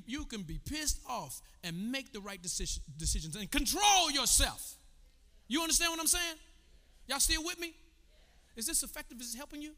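A pastor preaching a sermon, swinging from low, conversational talk to shouted calls to the congregation. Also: male voice, in a large hall.

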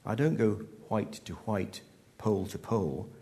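A glum, grumbling male comedian, a little wan and easily irritated, read by a man in his own low voice. The voice stays low and plain, close to the narration. It is a story read aloud. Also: expressive, a little slow, mellow.

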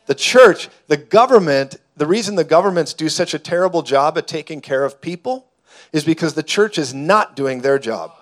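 Male preacher, fervent sermon delivery with shouting peaks, mid-high voice. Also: expressive, normal speed. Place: church hall before a congregation.

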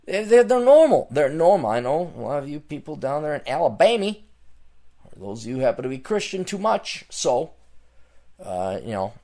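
A man hosting a podcast alone, delivering a rambling, repetitive rant that swings between loud outbursts and muttered asides. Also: on the high side, very animated, moderate pace. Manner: rambling, repetitive, loses his thread. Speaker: podcast host. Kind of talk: ranting solo monologue.

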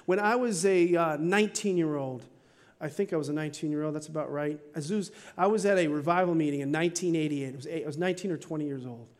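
A middle-aged man with a fairly high voice preaches a sermon in church. He talks earnestly, drawing out key phrases slowly, then rushing through asides to the congregation. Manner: earnest, preaching with slow emphatic stretches and quick asides. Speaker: pastor. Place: church sanctuary.

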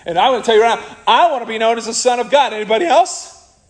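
A man preaching a sermon in an animated way, with joking asides and acted-out quotes. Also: extremely high pitch, fast, low-quality recording. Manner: animated, jokey asides, acts out quoted people.

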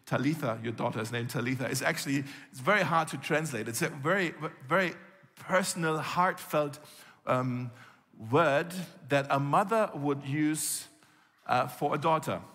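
A man delivers a sermon as an easygoing storyteller and slips into the voices of the people in the story. His voice sits a little high for a man. The sound rings with the long reverb of a large hall. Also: normal speed, a bit bright. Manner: conversational storytelling, acts out quoted lines. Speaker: pastor.

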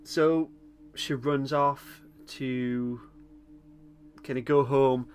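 Relaxed man recapping an episode. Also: medium pitch, very slow, slight background noise. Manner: relaxed, chuckles often, hesitant with ums. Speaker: podcast host. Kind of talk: casual chat recapping a TV episode.

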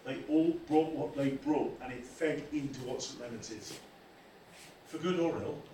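Animated pastor in an echoey hall. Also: male voice, mid-range voice, normal speed, a little hiss or hum. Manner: animated, acts out quoted voices. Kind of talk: sermon. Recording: echoey room from far off.

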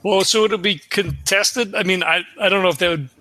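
A man's voice: high-pitched, steady tone, brisk, bright, forceful tone. A man playing in a tabletop game, chatting loosely with lots of fillers. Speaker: player. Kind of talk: casual tabletop play.

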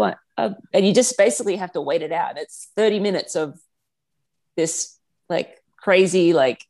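Chatty woman with a lowish voice. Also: normal speed, darkish tone. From Australia. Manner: chatty, frank, many "like" fillers. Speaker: guest, professional triathlete and mother. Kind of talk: casual podcast conversation.

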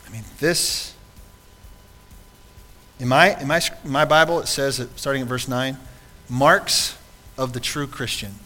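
A man's voice: medium pitch, steady tone, unhurried, pauses often, bright, forceful tone, long reverb tail, soft background music. A man preaching a sermon to his congregation in a church, earnest and conversational, often asking rhetorical questions. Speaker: pastor. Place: church sanctuary.

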